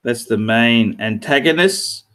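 A man's voice: mid-range voice, slow, fairly bright tone, smooth. A man in his forties hosting a casual livestream, rambling, repeating phrases, swearing playfully and reading out donor messages. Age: 40s. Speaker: livestream host.

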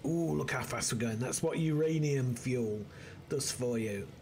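A man's voice: medium pitch, measured pace, darkish tone, a little hiss or hum. A man hosting a let's play, muttering and thinking aloud as he plays, rambling with restarts. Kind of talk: casual gameplay commentary.

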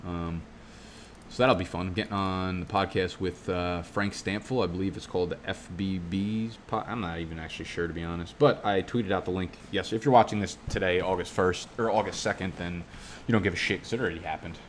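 Low-voiced profane rambling man. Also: fairly even intonation, a little fast, a little hiss or hum. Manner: profane, rambling, goes off on tangents. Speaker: fantasy football youtuber. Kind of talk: casual live-stream commentary. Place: home studio.

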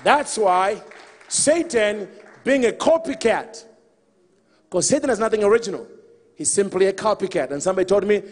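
A man preaching a sermon in an animated way, calling out to the congregation and acting out the figures in the story. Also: high-pitched, long reverb tail.

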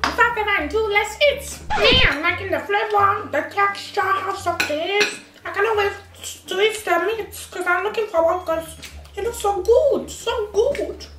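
A young woman voicing a prim, fussy elderly grandmother with drawn-out, proper speech, in a prank vlog. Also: very high voice, pitched above the performer's own voice. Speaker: family vlogger. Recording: echoey room.

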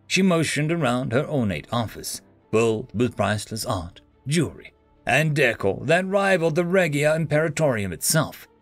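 A man narrating a science-fiction story in an expressive reading style. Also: mid-range voice, moderate pace, dry recording, faint music behind.

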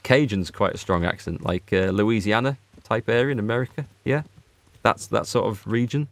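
Northern English male host, chatty, self-mocking let's play commentary, slightly low voice, dead-dry booth sound. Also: normal speed, no echo. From Northern England. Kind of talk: casual gameplay commentary.

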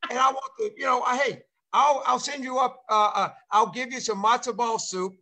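A man's voice: very high-pitched, fairly even intonation, normal speed, bright, forceful tone. An older man hosting a casual video-call chat, rambling along with lots of repeated fillers. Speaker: show host and former player.

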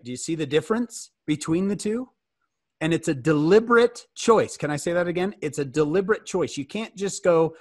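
An American man giving an interactive fireside talk, animated and joking, often asking his listeners questions. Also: fairly high pitch, brisk, no echo, clean studio sound. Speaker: fireside speaker.

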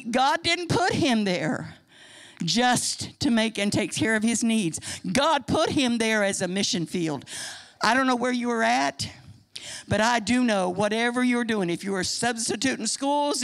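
Older Midwestern woman, church speaker; high, gravelly, folksy emphatic sermon delivery. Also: fairly bright tone. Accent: Midwestern American. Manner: folksy, emphatic preaching to a congregation. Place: church sanctuary.

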